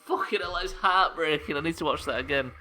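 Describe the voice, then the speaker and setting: A man's voice: fairly high pitch, quick pace, bright, forceful tone, soft background music. A man commentating a game live, joking and swearing as he banters with his chat. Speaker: game streamer.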